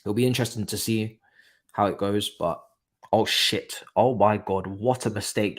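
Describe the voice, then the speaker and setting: A young man hosting a live football watchalong, talking casually and breaking into excited exclamations. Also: on the low side, normal speed. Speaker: watchalong host. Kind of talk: live match watchalong commentary.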